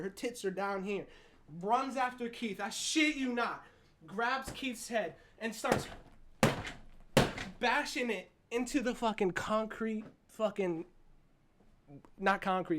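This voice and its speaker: A man recapping a horror movie in a casual, profane, excited and rambling way, seated at his desk. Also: high voice, unhurried. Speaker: movie reviewer.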